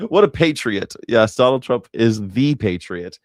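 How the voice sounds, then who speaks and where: A man's voice: medium pitch, no room sound. Rambling sarcastic man, dry close mic. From Los Angeles. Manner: rambling, sarcastic, jokey asides. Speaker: host of a news reaction stream. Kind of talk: casual livestream commentary.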